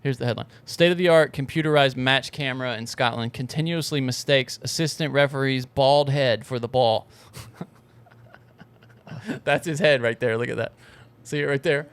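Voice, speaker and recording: A man's voice: mid-range voice, normal speed, smooth. A man co-hosting a podcast, easygoing and laughing often, reading news headlines aloud in casual chat.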